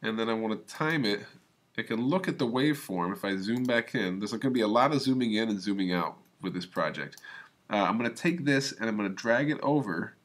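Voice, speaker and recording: A man with a lowish, expressive voice talks fairly quickly while teaching a video editing class. In this screen-recorded software tutorial, he casually walks through each click step by step.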